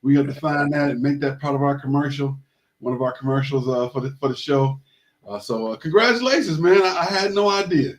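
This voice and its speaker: A man hosts a casual sports talk show in an ordinary mid-range voice. He rambles through shout-outs and congratulations and often restarts his sentences. He steers the talk to the topic of the week. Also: medium pitch, brisk, a little hiss or hum. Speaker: host.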